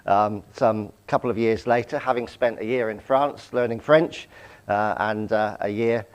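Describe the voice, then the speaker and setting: A man's voice: on the low side, fairly even intonation, a little slow, smooth, dull audio. A man in his sixties from Southampton, giving a personal testimony talk as a guest speaker, anecdotal with self-deprecating humour. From England, Southampton. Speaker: guest speaker, charity chief executive.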